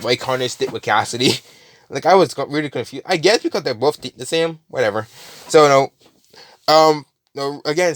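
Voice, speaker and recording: A man's voice: mid-range voice, fairly bright tone. A man casually retelling a fan story, rambling with lots of fillers, restarts and swearing.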